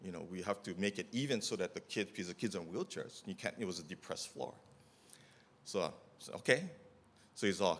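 Animated, rambling middle-aged man telling a story. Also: deep voice, fairly quick, vocal fry, slightly rough. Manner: rambling, animated storytelling with many fillers and acted-out dialogue. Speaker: mission trip volunteer giving a testimony. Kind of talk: casual storytelling testimony.

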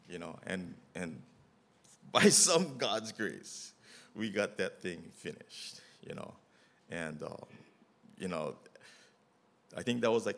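A man's voice: on the low side, fairly bright tone. A middle-aged man telling a casual testimony about volunteer work, rambling with many fillers and acting out the dialogue as he goes. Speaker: mission trip volunteer giving a testimony.

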